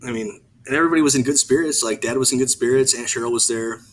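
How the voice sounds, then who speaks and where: A man co-hosting a podcast, rambling in casual chat with many halting restarts. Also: mid-range voice, poor audio. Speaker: podcast co-host.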